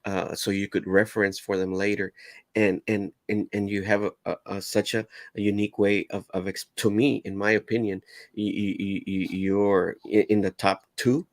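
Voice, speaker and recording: A man hosting a casual interview, halting and repeating words as he gets started. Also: fairly low pitch, little pitch movement, dry recording. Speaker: host.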